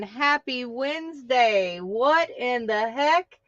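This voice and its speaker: A woman's voice: sits high, expressive, slow pace, a bit bright, dry recording, dull audio. A woman hosting a livestream, bubbly and playful as she greets viewers. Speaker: livestream host.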